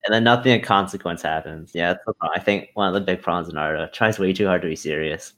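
A man co-hosting a podcast in casual chat, agreeable and quick to laugh. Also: sits low, a bit bright. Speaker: podcast co-host.

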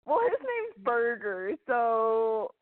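A woman's voice: fairly high pitch, sing-song, no echo, phone-quality sound. Opinionated woman teasing her cohost, dead dry sound, phone-ish. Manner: teasing, opinionated, quick to react. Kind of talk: casual chat.

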